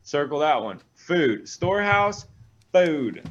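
A man, a pastor, reading scripture aloud and breaking off into energetic, animated stories with quick asides. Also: on the high side, dull audio, crowd noise. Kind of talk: reading scripture and preaching in a talk show.

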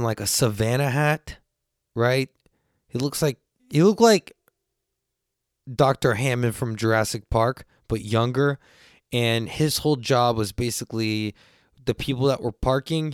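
A medium-pitched man past his twenties hosts a podcast, telling a loose, rambling story full of swearing and asides. He gets animated when quoting others. The recording is dry, with clean studio sound.

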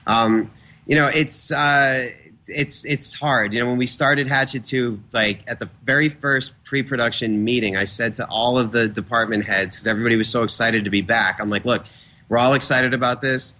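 A guest filmmaker talks quickly and casually, slipping into other people's voices as he tells his stories. His tone is bright and forceful. It is a relaxed conversation. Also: mid-range voice. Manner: fast, animated storyteller who acts out quotes. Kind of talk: casual interview chat.

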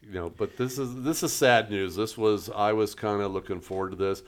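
A man's voice: fairly low pitch, normal speed. A man co-hosting a casual tabletop gaming podcast, rambling and hunting for words with frequent fillers. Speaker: co-host, game store staff.

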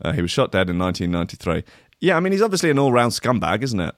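A man's voice: lowish voice, big pitch swings, rapid-fire, no room sound, studio quality. A man hosting a show, reading out a news story and mocking it with sarcastic, swearing asides. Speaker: radio show host. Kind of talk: casual comedic news chat.

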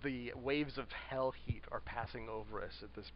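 A man from Southern California co-hosts a casual podcast, easygoing and sarcastic, often breaking into laughs. His pitch is average, and the sound is a bit dull. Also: fairly even intonation, normal speed, background noise. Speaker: podcast co-host. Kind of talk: casual chat.

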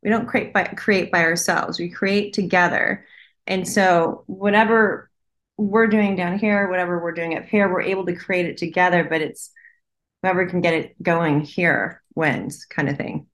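A woman passes on messages as a medium in a relaxed conversation. She speaks in her everyday voice, hesitant, often breaking off mid-thought to listen before going on. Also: lowish voice, moderate pace. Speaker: psychic medium. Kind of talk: casual conversation.

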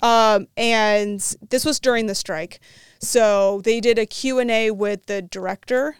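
A woman co-host tells a story with plenty of energy, jumping into other people's voices as she goes. Her voice sits a little high and is very clean and smooth. The sound is dry and close, with no room echo. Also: unhurried. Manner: animated storyteller, acts out quotes. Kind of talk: casual chat.

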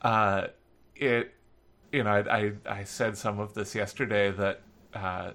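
Slow, low-voiced man chatting. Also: fairly even intonation, fairly bright tone, a little hiss or hum. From Philadelphia. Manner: halting, many fillers and restarts. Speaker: podcast co-host. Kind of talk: casual chat.

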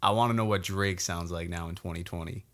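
A man with a deep, fairly bright voice talks fast as a podcast co-host. He's laid-back, chatting casually and talking things through with rhetorical questions.

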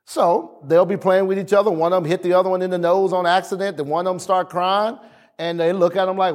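A man preaching as a pastor, slowing for emphasis and acting out family scenes. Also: sits high. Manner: lively preaching, slows for emphasis, acts out family dialogue. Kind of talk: sermon.

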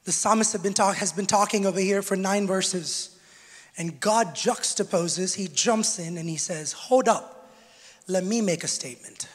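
Male pastor, high voice, preaching in a reverberant sanctuary, shouts and softens by turns, playful with the crowd. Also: moderate pace. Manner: swings from shouted preaching to quiet teaching; jokes with the congregation. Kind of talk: sermon. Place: church hall with congregation. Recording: long church hall reverb.

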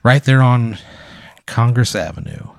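A man's voice: mid-range voice, a little slow, gravelly, dry recording, clean studio sound. A man hosting and narrating an improvised second-person story, talking casually and ramblingly with lots of fillers. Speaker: host narrating a hypothetical.

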